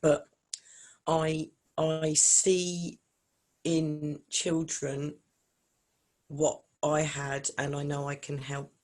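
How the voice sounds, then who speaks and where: A woman's voice: low-pitched, very slow, long pauses. A woman in her forties, a singer and vocal coach, chatting as an interview guest and acting out the voices in her stories. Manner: animated storyteller acting out quotes. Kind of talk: casual interview chat.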